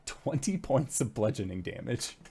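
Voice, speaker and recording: A man's voice: medium pitch, animated, moderate pace, vocal fry, mellow, breathy edge. A man narrating as game master of a tabletop game, loose and full of fillers.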